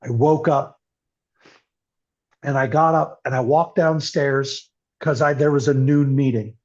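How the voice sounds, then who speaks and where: Speaking unhurriedly in a mid-range, darkish voice with fairly even intonation, this older podcast guest shares the story of his recovery. He comes across as earnest and emotional, though the recording sounds muffled and lo-fi.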